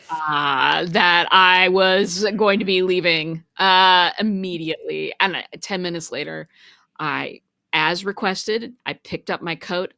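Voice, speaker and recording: Lively, bright-voiced woman storyteller. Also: low voice, gravelly, dry recording. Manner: animated storyteller with frequent 'uh' fillers. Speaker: guest, business owner. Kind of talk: casual podcast storytelling. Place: online video call.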